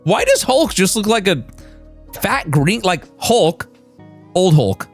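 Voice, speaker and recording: A male streamer opening card packs live and reading the cards aloud, excitable and profane. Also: sits high, slow, soft background music.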